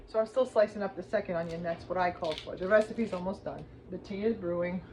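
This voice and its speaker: A woman casually chatting through a slow cooker recipe in her home kitchen, rambling with lots of fillers and asides. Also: fairly low pitch, background noise. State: teary from cutting onions. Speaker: home cooking vlogger. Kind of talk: casual cooking demonstration.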